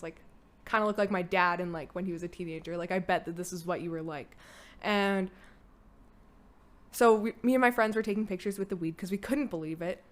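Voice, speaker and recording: A young woman telling her own story on a podcast, candid and casual, full of "like" fillers and blunt swearing. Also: medium pitch. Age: young adult. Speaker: podcast guest, host's daughter.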